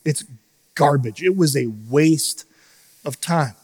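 Pastor guy in his 30s giving a sermon, kinda high voice, rambly and jokey, does animated voices in his stories. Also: slow pace. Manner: casual storytelling with many restarts and self-laughs; animated quoted dialogue, voice jumping up.

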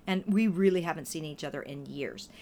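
A woman in casual conversation, telling stories in a lively way and acting out what people said. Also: deep voice, fairly quick, slight background noise. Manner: lively storytelling, acts out quoted voices. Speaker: podcast guest or co-host. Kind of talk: casual chat.

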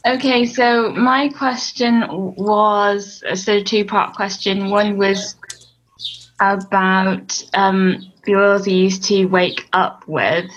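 A woman's voice: medium pitch, fairly even intonation. Hesitant English woman caller, lo-fi line. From England. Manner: hesitant, halting phrasing. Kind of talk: casual question on a call. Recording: dull lo-fi call audio.

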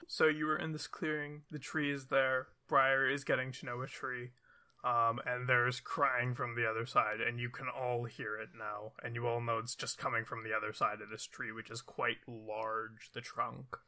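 A woman running a tabletop role-playing game, calmly describing the scene. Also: rumbling low, moderate pace. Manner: calm, descriptive storytelling with light laughs. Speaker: game master.

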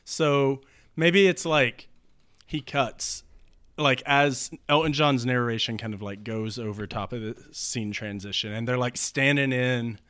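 A man's voice: medium pitch, unhurried, fairly bright tone, clean tone, no room sound, clean studio sound. A man talking through ideas in a loose, casual podcast chat, rambling with lots of fillers and restarts.

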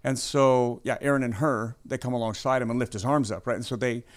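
A man, a pastor hosting a casual interview, conversational and animated, with playful asides. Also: medium pitch, fairly quick. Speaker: pastor and podcast host.

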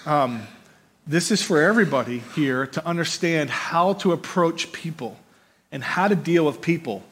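A man preaching a conversational sermon, animated and often checking in with his listeners by asking "right?", repeating words as he builds his points. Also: on the high side, moderate pace. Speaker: pastor.

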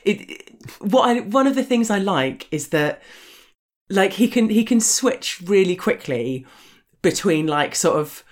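A woman's voice: medium pitch, lively intonation, unhurried. Chatty woman with a posh English accent. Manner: chatty and frank, swears freely, laughs often. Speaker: interview guest. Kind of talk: casual interview chat.

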